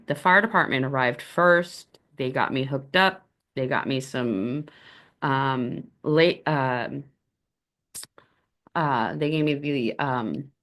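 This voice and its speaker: Low-voiced, slow-talking woman telling her story. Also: a bit bright. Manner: candid, conversational, wry. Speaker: spiritual podcast host. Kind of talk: personal storytelling.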